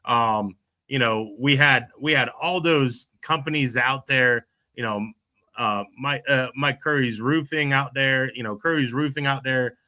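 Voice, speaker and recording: A man's voice: mid-range voice, a little slow, pushed and bright. A middle-aged man, hosting a casual podcast chat and rambling with many restarts and fillers. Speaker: podcast host.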